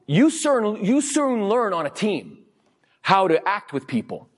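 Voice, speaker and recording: Husky guy preaching, kinda high voice, echo hanging in a big hall. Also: unhurried. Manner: animated, acts out quotes in funny voices. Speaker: pastor. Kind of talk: sermon. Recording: long hall reverb.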